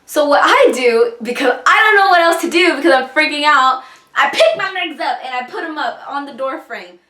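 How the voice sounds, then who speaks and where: Young female vlogger, rambling storyteller, higher-pitched voice, roomy echo. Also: lively intonation, normal speed, sharp tone. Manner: rambling, filler-heavy storytelling. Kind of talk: storytime vlog, casual retelling.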